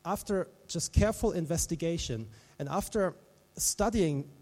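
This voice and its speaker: Male pastor, sermon, fairly high voice, animated delivery, hushed to loud, long hall reverb. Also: moderate pace.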